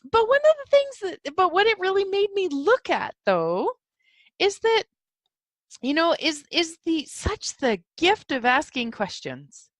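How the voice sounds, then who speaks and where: A woman's voice: very high-pitched, wildly swooping pitch, a little slow, no room sound. A woman hosting a solo podcast, rambling and giggling as she talks through yawns about spiritual ideas. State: yawning, sleepy. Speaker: podcast host. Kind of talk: casual solo podcast talk.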